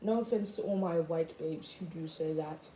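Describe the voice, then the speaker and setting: A woman in a casual rant to camera as a vlogger, chatty and full of "like", jumping high in pitch when she quotes herself. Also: normal speed, warm tone. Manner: chatty, full of "like" and "I was just like". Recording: echoey room, faint background noise.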